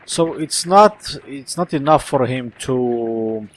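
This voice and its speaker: A man's voice: mid-range voice, expressive, slow, rough recording. A man, playing and commenting on a detective game in a rambling, playful way. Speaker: let's play host. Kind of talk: gameplay commentary.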